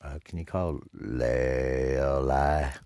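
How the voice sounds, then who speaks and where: A man's voice: extremely low pitch, fairly even intonation, extremely slow, a little mellow, no room sound. A man from Detroit hosting a crude, rambling solo radio show, cursing and mock-insulting his listeners as he talks. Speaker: radio host.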